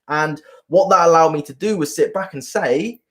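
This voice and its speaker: Self-help coach, male, slightly high-pitched, earnest, rambling live-stream delivery. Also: normal speed, a bit bright. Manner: earnest, rambling, repeats himself. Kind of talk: live stream talk to viewers.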